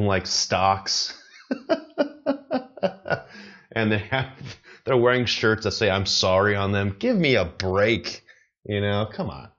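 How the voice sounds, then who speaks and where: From an apartment in China, an American man with a deep voice hosts a rambling solo comedy podcast as an amateur comedian. He drifts off topic, fills pauses with "you know," and chuckles at his own jokes. The audio is muffled and lo-fi.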